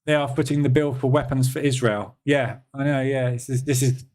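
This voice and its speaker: A man's voice: mid-range voice, steady tone, a little fast, a little mellow. A man with a British accent hosting a live trading room, chatting casually and sarcastically while answering viewer comments. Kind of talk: casual live-stream chat.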